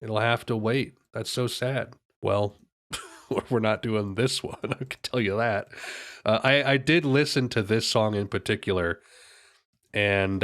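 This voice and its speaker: A man's voice: lowish voice, measured pace. A young man chatting casually while reacting to music, rambling and correcting himself with joking asides. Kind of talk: casual chat.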